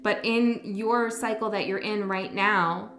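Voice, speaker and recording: A woman giving a casual tarot reading, talking gently and rambling, correcting herself as she goes. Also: medium pitch, steady tone, slow, a little hiss or hum. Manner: gentle, rambling, self-correcting, soft laughs. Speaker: tarot reader. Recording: echoey room with faint music.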